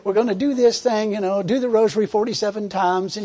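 A man's voice: sits high, fast talker, few pauses, darkish tone. A man preaching a sermon in a fervent, conversational way, repeating words and laughing as he tells a story.

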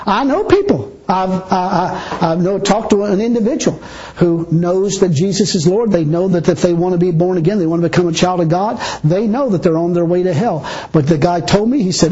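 A man's voice: high voice, fairly quick, dark tone. A male preacher delivering an emphatic, blunt sermon with mocking asides. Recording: dull lo-fi recording.

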